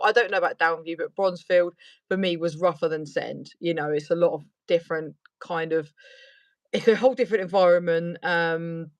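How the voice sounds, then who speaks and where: A woman's voice: lowish voice, no room sound. A woman hosting a casual interview, asking long rambling questions full of fillers. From United Kingdom. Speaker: host.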